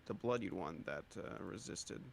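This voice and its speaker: A man's voice: sits low, animated, normal speed, vocal fry, slight background noise. A man playing a tabletop role-playing game, chatting casually and hesitantly, with playful swearing.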